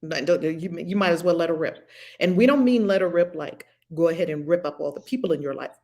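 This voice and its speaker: A woman's voice: lowish voice, fairly quick, a little mellow. Earnest woman hosting a spiritual discussion. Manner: earnest, reads viewer comments aloud. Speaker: spiritual study group host. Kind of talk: livestream discussion.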